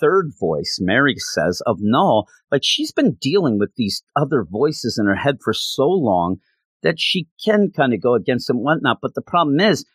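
A man's voice: medium pitch, very animated, normal speed, fairly bright tone, breathy edge, no room sound. A man reviewing a comic book in a casual, rambling, passionate way, with lots of fillers.

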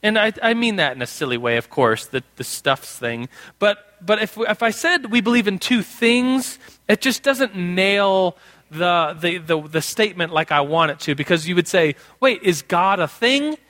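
Bright, high-voiced playful preacher man. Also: moderate pace. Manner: playful, jokey teaching with a casual tone. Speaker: pastor teaching a congregation. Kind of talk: conversational sermon. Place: in front of a live group in a room.

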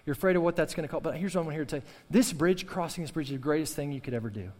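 A man's voice: fairly high pitch, rapid-fire, a little mellow, long reverb tail. A male pastor preaching a sermon with fervor, repeating key phrases and calling on the congregation to respond. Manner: impassioned preaching with repetition and call-and-response.

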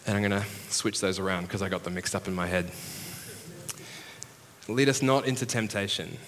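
A man's voice: on the low side, fairly bright tone. Man preaching in a reverberant hall. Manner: conversational, self-deprecating, acts out quoted voices. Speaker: pastor. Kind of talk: sermon. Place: large heritage church hall.

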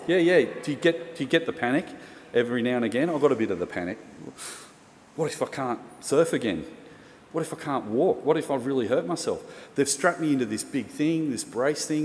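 A man's voice: medium pitch, a little mellow. An Australian man preaching, telling a personal story in a casual, chatty way with self-mocking humour. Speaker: pastor. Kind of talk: storytelling sermon. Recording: reverberant hall, faint room noise.

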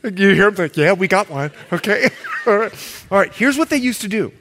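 Pastor, male, high-ish voice, very expressive delivery, playful loud-to-hushed swings. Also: brisk, slight background noise. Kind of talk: sermon.

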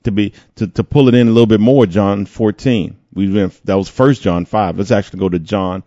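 A man's voice: on the low side, steady tone, brisk, mellow, no room sound, highs cut off. A man preaching a conversational sermon as pastor, with playful asides.

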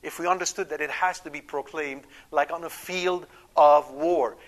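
A man's voice: fairly high pitch, steady tone, a little fast, sharp tone. A man giving an emphatic Catholic teaching talk, often checking in with his listeners. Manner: acts out quoted prayers. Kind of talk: catechetical talk.

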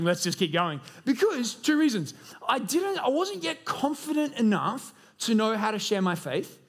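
A man in his thirties preaching a sermon as lead pastor, earnest and conversational, telling stories from his own life. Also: sits high. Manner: earnest and conversational, with storytelling asides. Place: church auditorium.

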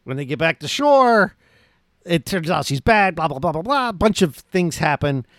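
A man's voice: on the high side, big pitch swings, moderate pace, no room sound, clean studio sound. Rambling, upbeat male movie podcaster. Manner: rambling, enthusiastic, lots of "like" and restarts. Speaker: podcast host reviewing a movie. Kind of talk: casual movie recap.

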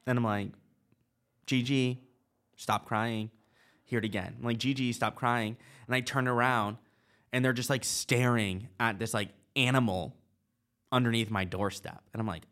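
Guy podcast cohost rambling thru a story, lots of likes and ums. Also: mid-range voice. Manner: animated storytelling with many fillers. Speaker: podcast co-host. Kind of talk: casual chat.

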